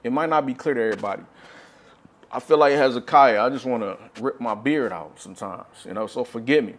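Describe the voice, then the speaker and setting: A man's voice: medium pitch, brisk. A man giving an impassioned religious monologue, talking urgently and repeating himself as he grows frustrated. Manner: frustrated, urgent preaching with repetitions. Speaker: religious speaker.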